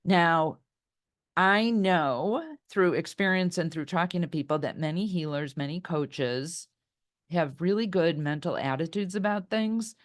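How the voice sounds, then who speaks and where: A woman's voice: lowish voice, a little slow. A middle-aged woman leading an online workshop over a video call. She tells stories and talks chattily, reacting to the chat as she goes. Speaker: workshop leader. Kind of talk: storytelling talk in an online workshop.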